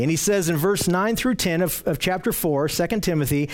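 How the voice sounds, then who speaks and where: Earnest high-voiced male preacher. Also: brisk, hardly any pauses, darkish tone. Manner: earnest, emphatic teaching with repeated phrases. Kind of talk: sermon.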